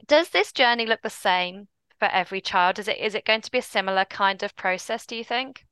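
Bright, crisp woman podcast host. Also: medium pitch, fairly quick, no room sound. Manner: gentle, affirming, asks reflective questions. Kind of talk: podcast interview.

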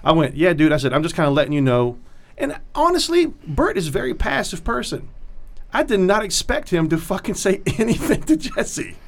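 Man, comedian, casual chat, profane, animated storytelling. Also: high-pitched, fairly quick, vocal fry.

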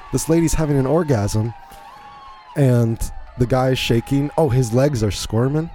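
A man's voice: mid-range voice, measured pace, warm tone, faint music behind. A man hosting a podcast, giving incredulous, rambling play-by-play commentary on a video in a casual way. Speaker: podcast host.

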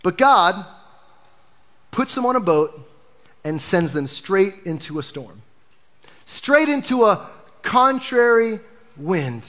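Animated male pastor preaching a sermon. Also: high-pitched, takes it slowly, pauses often. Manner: animated preaching, dropping to a hush for emphasis.

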